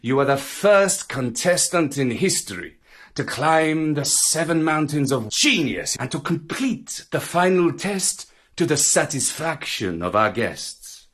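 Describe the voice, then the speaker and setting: A man's voice: fairly high pitch, very animated, a little slow, fairly bright tone, husky, exaggerated voice. A man voicing a formal waiter in a storybook tale, speaking in a ceremonious manner.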